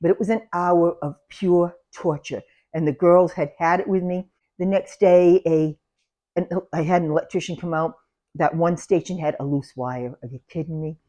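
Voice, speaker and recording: Older New woman, salon owner, casual storytelling, animated and chatty; she laughs as she talks. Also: fairly low pitch, moderate pace. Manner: animated, laughs through anecdotes, loud when acting out yelling.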